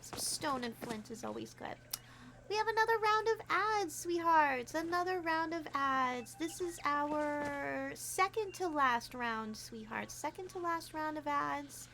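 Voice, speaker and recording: A woman streaming a game, chatting casually with her viewers, giggling often and quick to get excited. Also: sits high, a little hiss or hum. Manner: bubbly, giggly, talks to chat. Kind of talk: casual gameplay livestream chat.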